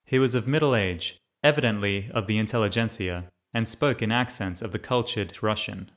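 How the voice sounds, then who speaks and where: A man's voice: lowish voice, normal speed, a bit bright. A man narrating a memoir as an audiobook reader, reading steadily and lifting his voice for the quoted lines.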